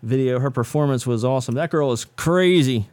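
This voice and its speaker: A man's voice: medium pitch, brisk, a little mellow. A man hosting a podcast, interviewing band members in a loose, joking way, swearing and laughing easily.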